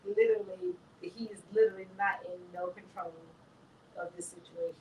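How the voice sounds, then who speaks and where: A woman of middling pitch gives blunt, emphatic opinions in casual podcast chat, stressing her points with "literally". She sits away from the mic in an echoey space, with a faint hiss underneath. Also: very animated, moderate pace, gravelly, a little mellow. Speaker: podcast co-host. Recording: roomy echo, distant mic, faint noise.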